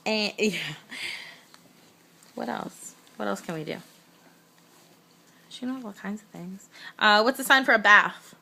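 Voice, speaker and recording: A woman talking slowly and encouragingly to her toddler at home, praising each answer. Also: medium pitch, vocal fry, bright, forceful tone. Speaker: mother. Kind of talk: baby talk with a toddler. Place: home, at a changing table. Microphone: camera recording.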